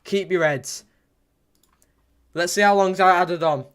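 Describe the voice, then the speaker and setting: Young man, fan watchalong commentary, excitable and repetitive, fairly high voice. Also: slow pace, clean tone. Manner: excitable, repetitive, bursts into shouts at big moments. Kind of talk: live football watchalong commentary, reading chat.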